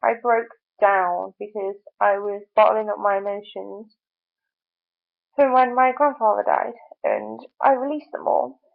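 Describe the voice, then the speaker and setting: Gravelly young woman venting on a tinny mic. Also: mid-range voice, steady tone, unhurried. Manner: venting, frustrated, many fillers. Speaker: vlogger. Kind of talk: casual video diary. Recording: tinny phone-like audio.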